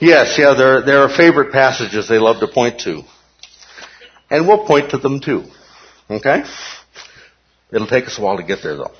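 A man's voice: medium pitch, very animated, normal speed, pauses often, muffled recording, a little hiss or hum. A man teaching a Bible study class in a conversational way, often checking in with his listeners.

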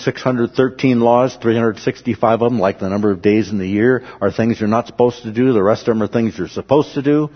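Man, Bible study teacher, low husky voice, explains and keeps asking "okay?", muffled recording. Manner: explanatory, checks in with "okay?" often.

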